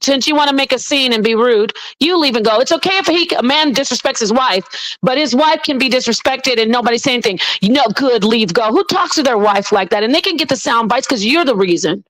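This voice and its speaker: A woman's voice: high-pitched, lively intonation, fast, fairly bright tone, dry recording, rough recording. Indignant woman in a heated argument. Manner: indignant, pointed, rebutting.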